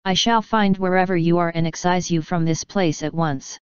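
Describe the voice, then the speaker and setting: A woman's voice: on the low side, steady tone, moderate pace, smooth, dry recording, lo-fi sound, close to an everyday voice. A woman voicing a stern, regal princess of the night in a storybook reading, formal and commanding.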